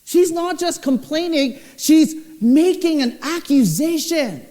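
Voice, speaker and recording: In this sermon, a young pastor with a fairly high voice takes his time, storytelling with wide leaps between low and high notes. His unhurried delivery echoes with the lingering reverb of a church hall.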